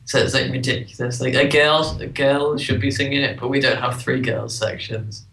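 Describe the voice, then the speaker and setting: A man's voice: medium pitch, fairly even intonation, moderate pace, fairly bright tone, far from the mic. A man chatting casually as a guest, with many fillers. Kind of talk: casual chat. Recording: echoey room, off-mic.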